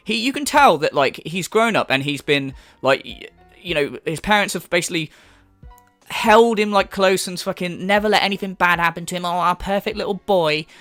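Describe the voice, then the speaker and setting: A man's voice: high voice, lively intonation, normal speed, a bit bright, dry recording, soft background music. A man hosting a commentary rant, profane and mocking, sarcastic about the person he is discussing. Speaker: commentary channel host.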